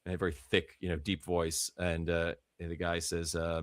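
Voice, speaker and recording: A man talking as a podcast guest, telling a story in an animated way and acting out the quotes. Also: sits low, a little fast, no room sound, studio quality. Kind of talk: casual storytelling.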